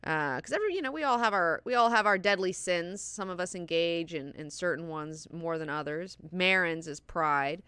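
Chatty swearing woman, crisp bright voice. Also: on the low side, moderate pace, hardly any pauses, dry recording. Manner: chatty, swears a lot, lots of "like" and "you know". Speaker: book class host. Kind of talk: casual book discussion.

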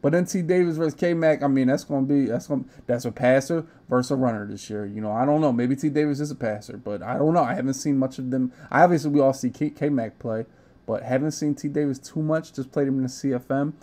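A man's voice: mid-range voice, fast, dark tone. A young man hosting a casual gaming podcast, talking brash, profane trash talk. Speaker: podcast host.

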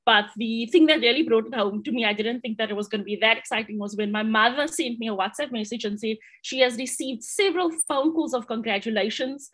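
A woman's voice: on the high side, a little fast, hardly any pauses, a bit bright. Upbeat South African woman presenting online. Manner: upbeat, friendly, with frequent ums and restarts. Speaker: astronomer giving a seminar talk. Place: home or office in Amsterdam.

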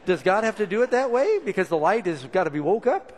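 A man preaching a sermon in a lively, expressive way, acting out the lines he quotes. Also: high-pitched, fast talker. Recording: long reverb of a large hall.

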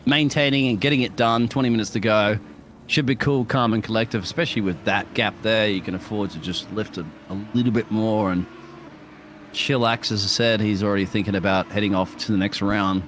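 A man commentating a live sim race, chatty and bantering with his co-host and bursting into excited calls. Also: fairly low pitch, brisk, slight background noise. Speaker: lead commentator.

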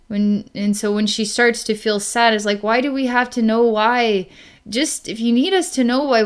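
Woman, psychic reader, narrating a session, rambling, fillers and restarts, smooth resonant voice. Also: mid-range voice. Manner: breaks into light laughs.

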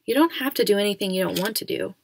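A woman voicing a protective, easygoing father in a storybook reading, speaking softly and soothingly. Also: mid-range voice, lively intonation, quick pace, vocal fry, dry recording. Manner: soft, soothing.

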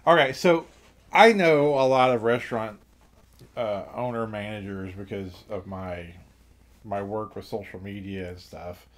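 A man's voice: fairly low pitch, unhurried. A man hosting a casual chat, reacting to a guest's story with dry wisecracks.

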